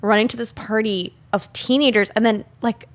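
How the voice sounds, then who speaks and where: A woman with a fairly high voice co-hosts a podcast at a moderate pace, casually talking about a film. She is animated, recounting scenes and quoting lines. It was recorded on a studio microphone in a small room.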